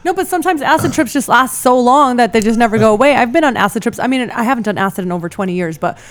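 A woman co-hosting a casual podcast chat, talkative and quick to laugh. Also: fairly high pitch, animated.

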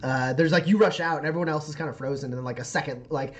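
A man narrating as game master in a tabletop game, talking in a halting way with lots of "like" and "uh". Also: fairly high pitch. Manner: halting, full of fillers like "like" and "uh".

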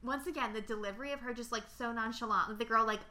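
A woman's voice: on the high side, fairly even intonation, fast talker, bright, forceful tone. A young woman co-hosting a podcast, casually and animatedly retelling film scenes with lots of fillers. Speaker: podcast co-host.

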